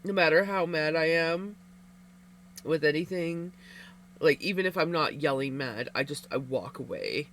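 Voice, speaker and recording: Candid, giggly woman streamer chatting while she knits; lively pitch swings. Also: unhurried, slight background noise. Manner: laughs often, candid, rambling. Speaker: livestreamer. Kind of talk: casual chat with viewers while knitting.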